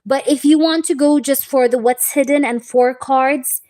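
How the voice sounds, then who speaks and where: A young woman reading tarot live, chatting warmly with viewers and calling them babe and baby girl. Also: sits high, fairly even intonation, normal speed. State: recovering from a wisdom tooth removal. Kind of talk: live-stream chat with viewers.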